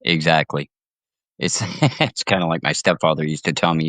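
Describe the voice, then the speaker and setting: A man's voice: rumbling low, fairly even intonation, normal speed, fairly bright tone, dry recording. A man talking as a podcast guest in casual chat, agreeable and given to chuckles and restarting his phrases.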